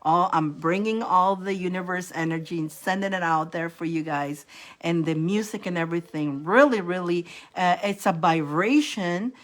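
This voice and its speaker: A woman's voice: fairly low pitch, moderate pace. A woman giving a casual, rambling spiritual pep talk to her viewers, often restarting and repeating phrases. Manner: rambling, animated, laughing at herself. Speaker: spiritual coach and reader.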